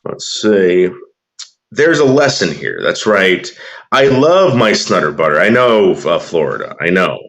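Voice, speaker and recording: A man's voice: low-pitched, very animated, a little slow, a bit bright. A man casually chatting and telling a rambling, profane story while reacting to viewer comments.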